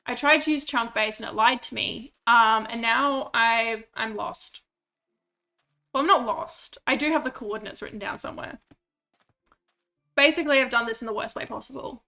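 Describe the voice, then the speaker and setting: A woman's voice: a little high, moderate pace, bright, forceful tone. A woman streaming a game, chatting casually and mocking herself, swearing when annoyed. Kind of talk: casual gameplay chat.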